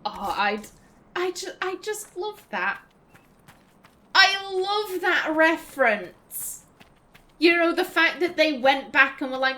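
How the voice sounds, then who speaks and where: A woman hosts a let's play in casual, chatty commentary. Her voice sits high and she exclaims freely, swearing playfully as she plays. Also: sing-song, slow, pauses often, sharp tone.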